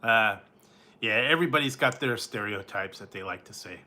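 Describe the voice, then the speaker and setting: A man's voice: on the low side, moderate pace, pushed and bright. A man chatting casually with viewers on a stream, laid-back, chuckling often and slipping into joking impressions. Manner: laid-back, chuckles often, playful surfer-dude mimicry. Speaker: food vlogger chatting with viewers. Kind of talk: casual live-stream chat.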